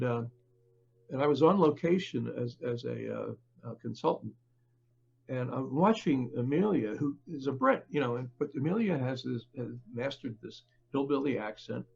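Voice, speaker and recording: An older man, a book author, speaking as a podcast guest in a halting, conversational way with many fillers and restarts. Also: mid-range voice, creaky, a little mellow, slightly rough, lo-fi sound. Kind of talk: conversational interview.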